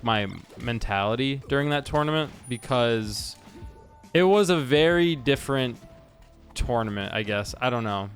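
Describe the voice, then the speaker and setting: Male streamer, mid pitch, chatty and meandering, light music under the voice. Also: fairly bright tone. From Washington state. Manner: rambling storyteller with frequent restarts and fillers. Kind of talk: casual stream chat while gaming.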